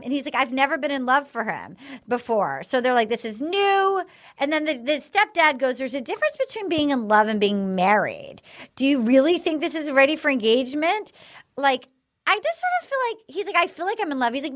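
A woman with a high, bright voice recaps a TV episode for a casual podcast. Her pitch swoops and jumps as she acts out bits of the dialogue, with lots of fillers. She is on a video call with a webcam mic. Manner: animated retelling with quoted dialogue and fillers. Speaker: podcast host.

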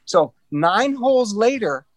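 A man tells casual golf anecdotes in an animated way, acting out the voices of the people involved and restarting frequently. His voice is high-pitched with a measured pace, and there's no room sound.

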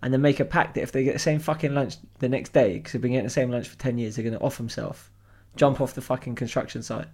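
A young man telling a story on a podcast in an animated, swearing way. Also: medium pitch, quick pace, few pauses. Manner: animated, swears freely, acts out voices. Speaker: podcast co-host. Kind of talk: casual storytelling chat.

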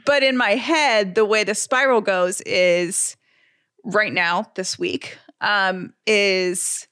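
A woman co-hosting a podcast in casual chat, candid and self-deprecating, talking in quick bursts. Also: mid-range voice, fairly bright tone, clean tone, no room sound, clean studio sound. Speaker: podcast co-host.

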